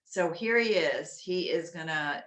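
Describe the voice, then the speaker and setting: A woman with a lowish, forceful, bright voice chats loudly through a how-to about dog games at home. She sprinkles her talk with ums, and the echoey room rings around her. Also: unhurried. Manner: loud, chatty, with many fillers. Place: inside a home.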